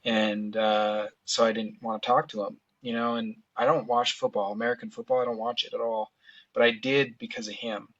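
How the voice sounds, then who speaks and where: A man in his thirties talks openly on a podcast, loose and conversational, with lots of "you know" and "dude". His voice is bright and forceful. The recording is slightly dull and lo-fi. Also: medium pitch, little pitch movement, brisk. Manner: candid, casual, says "you know" and "dude" a lot. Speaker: podcast guest. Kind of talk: emotional personal storytelling.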